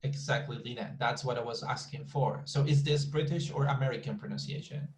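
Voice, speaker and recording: On a rough recording, a man leading an online English lesson speaks fairly quickly at medium pitch. His style is talkative and repetitive, and he often asks the class questions.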